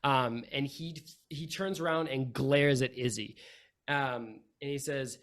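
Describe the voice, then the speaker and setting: A man narrating as game master of a tabletop game, slow and full of hesitations. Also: medium pitch, fairly bright tone.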